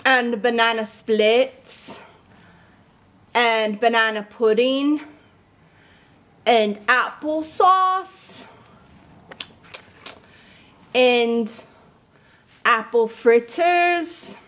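A woman's voice: fairly high pitch, very slow, pauses often, fairly bright tone. A woman playing a cheerful chef in a children's puppet show, chatting and asking the viewer questions. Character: cheerful chef who loves cooking with fruit.

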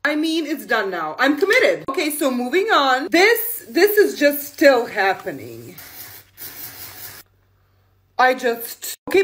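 A woman's voice: sits high, a bit bright. A young woman chatting casually through a makeup vlog, playful and self-mocking. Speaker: makeup content creator.

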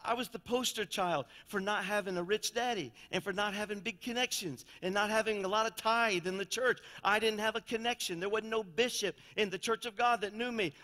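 A man preaching a sermon as pastor, telling stories in a folksy way and swinging between loud and quiet passages. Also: high-pitched. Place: church sanctuary. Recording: long church reverb.

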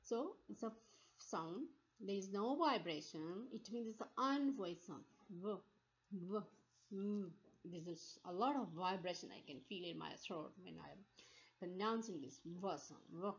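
A woman giving a phonetics lecture, repeating sounds slowly to demonstrate them, with frequent restarts. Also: mid-range voice, animated. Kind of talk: recorded online lecture. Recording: slightly dull lo-fi recording.

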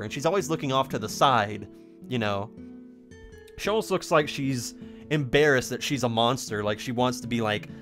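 A young man casually commenting on a game as he plays it, in a rambling, playful way with lots of quick reactions. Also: medium pitch, fairly bright tone. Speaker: let's play host. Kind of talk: casual let's play commentary.

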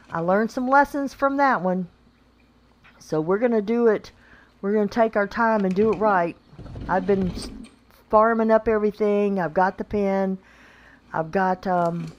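An excitable woman with a drawl chats her way through a survival game, talking to the animals she meets. Her voice sits in a middle register, with faint game sounds behind it. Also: mid-range voice, slight background noise. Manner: chatty and excitable, talks to the game creatures, laughs often. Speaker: gaming channel host. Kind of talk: casual gameplay commentary.

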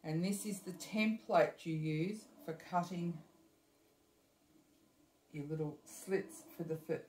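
A woman's voice: on the low side, slow, a little mellow, slight background noise. A woman giving a casual sewing demonstration, chatty, correcting herself and adding asides as she goes. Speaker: bag-making tutor. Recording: echoey room.

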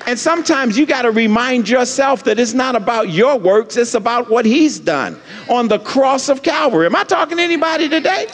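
This pastor preaches at a slightly fast clip in a very high, animated voice, repeating himself often and trading call-and-response lines with his congregation. The setting is a church sanctuary, and long hall reverb hangs on every word.

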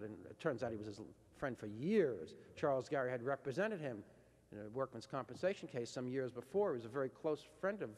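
A man giving a university lecture, telling events as a dramatic storyteller who acts out quoted dialogue. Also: mid-range voice. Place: lecture hall. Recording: reverberant lecture hall, old tape.

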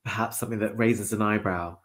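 A man who is a podcast guest, speaking politely and gently, with many small hesitations. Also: lowish voice, steady tone, fairly quick. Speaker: guest, dog owner. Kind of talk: casual interview chat.

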